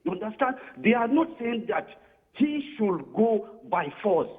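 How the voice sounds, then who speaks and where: Over a tinny phone line, a man calls into a TV debate show with his opinion, his high-pitched, husky voice sing-song and unhurried. He keeps asking "you understand?" as he makes his comment.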